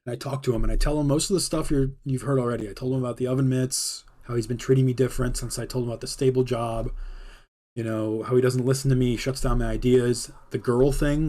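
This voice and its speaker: Male streamer, quick husky delivery, animated storyteller voicing everyone he quotes. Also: mid-range voice. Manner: fast, animated retelling with quoted dialogue. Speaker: podcast host telling a personal story. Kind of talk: casual storytelling monologue.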